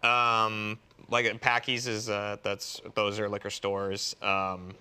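A man's voice: lowish voice, completely flat delivery, takes it slowly, pushed and bright, smooth. A man from Massachusetts, a podcast co-host telling stories in a dry, understated way. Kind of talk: casual chat.

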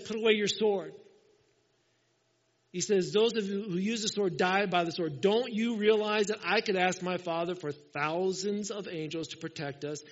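A man preaching a sermon as pastor, telling the story in a lively way and acting out the lines he quotes. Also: sits high. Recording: muffled, with long hall reverb.

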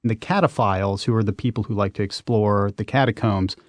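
A man, a guest on a radio interview, telling adventure stories in an animated, emphatic way. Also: lowish voice, fairly quick, no echo. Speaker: guest, urban explorer and author.

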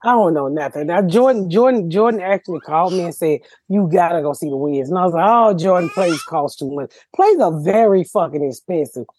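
Casting: loud-mouthed woman host, husky, dry studio sound, brash profane storytelling. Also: on the low side, expressive, a little fast, hardly any pauses, no echo. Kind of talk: casual podcast chat.

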